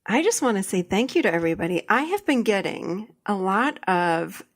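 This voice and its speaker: A woman's voice: medium pitch, very animated, moderate pace, no echo. A woman hosting a podcast, talking earnestly and enthusiastically and repeating phrases for emphasis. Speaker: podcast host and therapist. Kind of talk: casual podcast chat.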